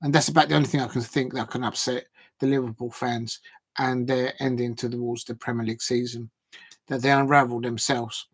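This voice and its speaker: A man's voice: medium pitch, level tone, fairly quick, slightly rough. Male, 40s; casual football stream host, loose and rambling, lots of ums. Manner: rambling, chatty, thinks aloud with many fillers. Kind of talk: casual live chat reacting to viewers.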